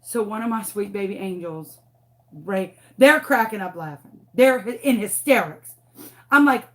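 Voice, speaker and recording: A woman's voice: a little high, unhurried. A woman in her thirties, a former teacher telling a dramatic story casually during a craft tutorial. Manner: animated, dramatic, acts out what people said.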